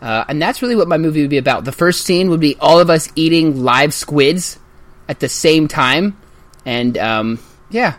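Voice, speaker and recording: A man's voice: fairly high pitch, lively intonation, moderate pace, fairly bright tone, dry recording. A man co-hosting a podcast in casual chat, playful and rambling. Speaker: podcast co-host.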